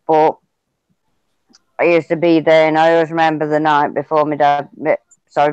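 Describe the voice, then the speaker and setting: A man's voice: a little high, clean tone, dry recording. A British man talking in a reflective, hesitant way during a casual chat. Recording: dull lo-fi sound.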